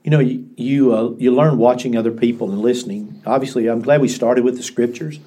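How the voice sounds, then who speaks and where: Older man, pastor, earnest storyteller, restarts his sentences, mellow warm tone. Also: mid-range voice, fairly even intonation, fairly quick, slightly rough. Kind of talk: podcast interview.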